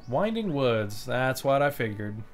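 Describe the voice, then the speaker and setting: A man's voice: mid-range voice, big pitch swings, measured pace, faint music behind. A man streaming a playthrough live, rambling in casual commentary as he plays, swearing freely and chuckling often.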